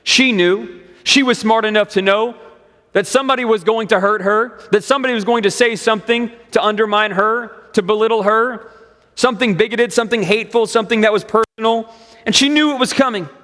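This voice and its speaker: A male preacher tells a story from the pulpit, stacking repeated phrases for dramatic build. His voice sits high for a man. A long church-hall reverb trails his words. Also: a little fast, fairly bright tone. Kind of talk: sermon storytelling. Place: church sanctuary.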